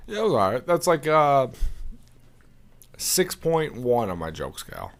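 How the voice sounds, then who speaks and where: Young man with a lively, dry delivery. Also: medium pitch, measured pace. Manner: dry, rates jokes offhandedly. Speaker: podcast co-host. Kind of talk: casual chat.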